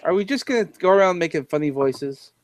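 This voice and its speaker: High-voiced sarcastic Newfoundland man. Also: animated, brisk, a little hiss or hum. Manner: sarcastic, swearing. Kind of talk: casual group call chat.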